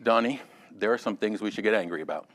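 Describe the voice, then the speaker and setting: A man teaching a Sunday school Bible lesson in a lively, conversational way, calling on class members by name and joking along the way. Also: fairly low pitch, fast. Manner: animated, addresses class members by name, jokes.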